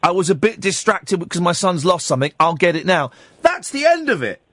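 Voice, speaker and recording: Man, radio host, animated storyteller, high lively voice, dry studio sound. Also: brisk, no room sound. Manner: animated storyteller acting out both sides of an argument. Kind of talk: storytelling on a call-in radio show. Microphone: studio mic.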